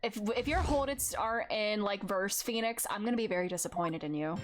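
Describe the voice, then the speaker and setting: A young woman streamer giving excitable, giggly commentary while playing a video game. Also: medium pitch. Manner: excitable, giggly, quick asides. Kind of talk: let's-play commentary. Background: loud game music.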